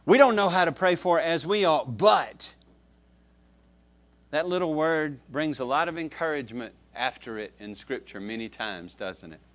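A man preaching a sermon, who stresses key words loudly, then drops to soft, low asides and repeats phrases to his listeners. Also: lively intonation, normal speed. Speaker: pastor.

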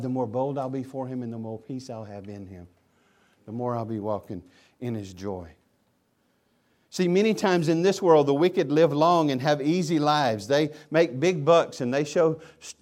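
A man preaching a sermon as pastor, impassioned and swinging between loud emphasis and hushed asides. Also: medium pitch.

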